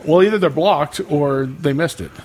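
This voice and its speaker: Slightly high voiced guy rambling about football rules, joking around. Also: moderate pace, darkish tone, a little hiss or hum. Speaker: podcast co-host. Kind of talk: casual chat.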